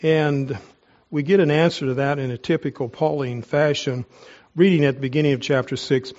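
Earnest and emphatic, this pastor delivers a sermon with a high-leaning, darkish voice and fairly even intonation, stopping now and then to question his listeners directly. His voice is strained, as though from a sore throat, and he's taking cough drops. The recording is lo-fi.

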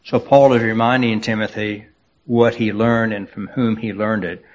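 A man preaching a sermon as pastor, unhurried and halting, with many fillers and restarts. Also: fairly low pitch, fairly even intonation, dull audio.

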